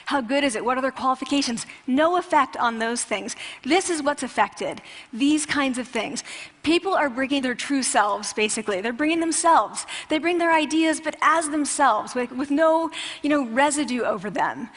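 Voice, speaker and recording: Animated woman lecturing in a reverberant hall. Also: sits high, moderate pace. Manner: animated, conversational with restarts and asides. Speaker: researcher giving a talk. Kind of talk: public talk to an audience.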